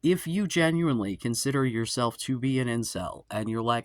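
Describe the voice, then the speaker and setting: A man's voice: mid-range voice, animated, normal speed, few pauses, no echo. A man in his forties hosting an advice show, talking in a casual, rambling monologue. He swears freely, makes fun of himself and keeps drifting off topic. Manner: profane, self-deprecating, tangent-prone. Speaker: advice podcast host.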